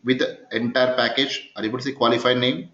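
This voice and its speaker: This is an echoey, dull recording of a live coding class, where the male instructor keeps testing students with yes-or-no questions. His medium-pitched voice has a sharp tone and little pitch movement, and he talks fast.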